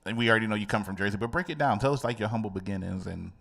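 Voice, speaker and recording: A man's voice: lowish voice, very fast, creaky. A man hosting a radio show in casual, slangy, joking talk with a sing-song delivery. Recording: loud hip hop music behind. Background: loud hip hop music.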